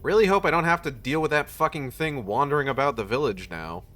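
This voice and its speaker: A man's voice: medium pitch, animated, fairly quick, fairly bright tone. A young man streaming a horror game live, muttering and swearing in sarcastic frustration, then wrapping up the stream for his viewers. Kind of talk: casual live-stream commentary.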